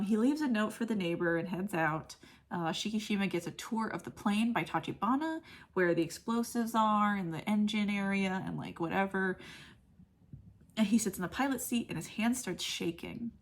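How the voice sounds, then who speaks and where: A woman gushing through a casual film review, saying "like" often and dropping into soft whispers. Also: medium pitch. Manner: gushing, heavy use of "like", drops to soft whispers when moved; laughs often mid-sentence. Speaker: movie reviewer.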